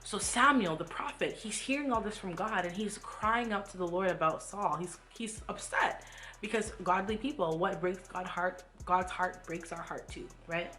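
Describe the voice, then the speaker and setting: A woman's voice: lowish voice, moderate pace, pushed and bright, faint music behind. A woman leading a Bible read-along, reading aloud and adding emphatic commentary full of rhetorical questions. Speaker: Bible study vlogger.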